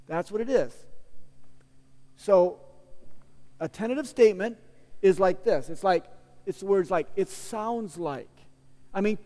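High-voiced pastor preaching in a reverberant hall. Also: male voice, mellow. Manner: casual, conversational teaching with frequent restarts and playful asides. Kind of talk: sermon.

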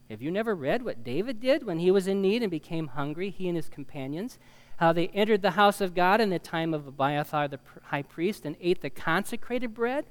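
A man preaching a sermon in a conversational way, with fillers and asides, reading scripture and swelling louder on key phrases. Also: on the high side.

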